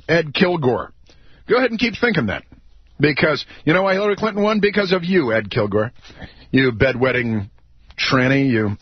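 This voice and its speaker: A man's voice: fairly high pitch, slightly rough, no room sound. A man hosting political talk radio, sarcastic, mocking and combative. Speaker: radio talk show host. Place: radio studio. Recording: dry, slightly dull studio audio.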